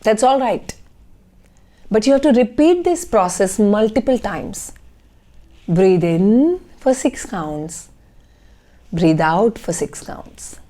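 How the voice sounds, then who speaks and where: A woman's voice: fairly high pitch, a little mellow. Woman coaching with "okay?" check-ins. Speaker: life coach. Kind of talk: motivational talk to camera.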